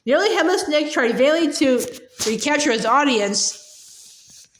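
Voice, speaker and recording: High-voiced woman reading a storybook. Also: expressive, a little slow. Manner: slips and repeats words. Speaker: audiobook reader. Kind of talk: storybook read-aloud. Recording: echoey room.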